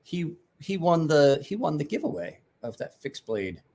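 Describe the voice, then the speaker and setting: Lively rambling man, livestream. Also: on the high side, normal speed, slight background noise. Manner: rambling, joking, swears often. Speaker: livestream host. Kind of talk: casual livestream chat with viewers.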